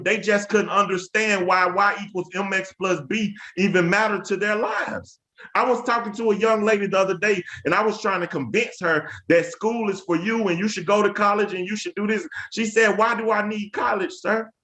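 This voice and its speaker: An emphatic man, speaking to teachers in a webinar. His voice sits a little high, and he tells stories like a preacher, repeating key phrases and calling out to the audience. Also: normal speed, bright, forceful tone. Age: 30s. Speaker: education speaker. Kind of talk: webinar talk with storytelling.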